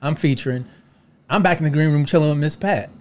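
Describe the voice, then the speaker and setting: A man, a comedian guest, telling a story in casual chat with profane, animated delivery and acted-out quotes. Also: on the high side, fast talker.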